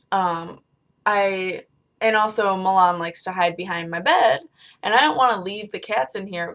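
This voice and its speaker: A woman's voice: fairly low pitch, creaky. A young adult woman chatting casually to her webcam from a small bedroom, rambling and swearing lightly. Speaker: vlogger. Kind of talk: casual chat to camera.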